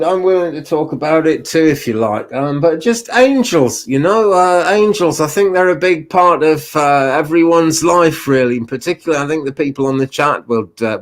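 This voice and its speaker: A man, a guest medium, chatting casually on a live stream, hesitant and searching for words. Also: on the high side. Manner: hesitant, many fillers and restarts, laughs softly.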